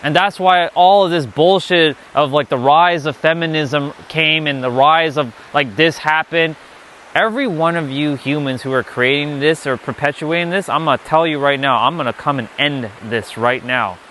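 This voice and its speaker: Blunt, bright-voiced male spiritual teacher. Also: a little high, normal speed, slight background noise. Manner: blunt, profane, emphatic. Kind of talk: unscripted spiritual lesson.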